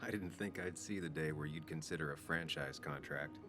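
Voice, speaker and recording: Jaded journalist in a game, real deep voice, dry and guarded, music under it. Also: male voice, normal speed.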